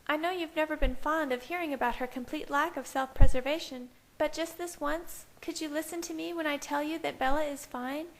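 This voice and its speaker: A woman's voice: sits high, fairly even intonation, brisk, few pauses, voice pushed up. A woman reading a fanfiction aloud, voicing a cheerful, insistent young female vampire in a raised, chiding voice. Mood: reassuring.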